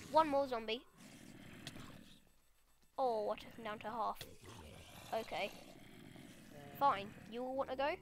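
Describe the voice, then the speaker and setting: A woman giving excitable let's play commentary, chattering at the monsters in her game. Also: a little high, takes it slowly, long pauses, a little hiss or hum. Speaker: gamer.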